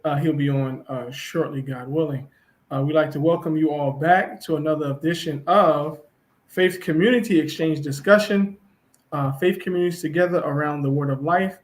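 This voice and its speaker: A man's voice: a little high, moderate pace. Easygoing male co-host. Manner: relaxed, easygoing, many fillers. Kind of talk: casual online show hosting.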